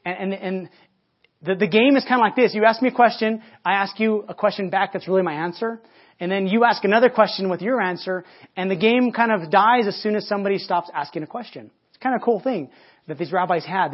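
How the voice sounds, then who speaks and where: Brief: male pastor, conversational storyteller, stumbles and restarts, husky tone, dull recording. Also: sits high. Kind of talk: sermon.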